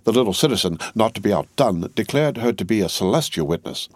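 A man narrating a classic novel as an audiobook in a measured, even reading style. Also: lowish voice, no echo. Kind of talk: scripted narration.

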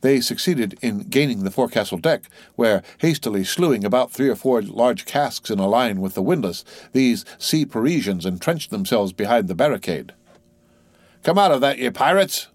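A man giving steady, measured scripted narration of a classic novel as an audiobook reader. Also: on the low side, dry recording.

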